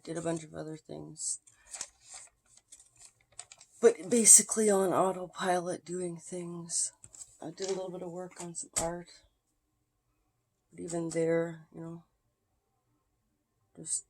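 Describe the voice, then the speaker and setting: A vlogger talking casually into a handheld phone at home, with halting, drifting speech that often drops to a whisper. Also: medium pitch, gravelly, slight background noise. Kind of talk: casual self-recorded vlog.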